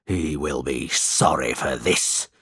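In a storybook reading, a man voices a cruel, bullying middle-aged schoolmaster, barking angry, menacing threats. He uses a full character voice that is very deep, slow, sharp, and slightly rough, pitched below his own. The sound is clean studio quality with no echo.

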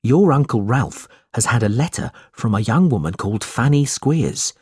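A man's voice: mid-range voice, lively intonation, normal speed, darkish tone, breathy edge, no echo, studio quality. A man voicing an older clerk giving a careful warning, in a storybook reading. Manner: earnest warning.

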